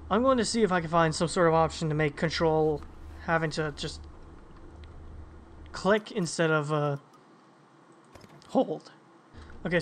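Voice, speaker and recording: A man's voice: on the high side, fairly bright tone, a little hiss or hum. A man playing a game and chatting casually, reading in-game notes aloud and reacting to them. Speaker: let's-play gamer.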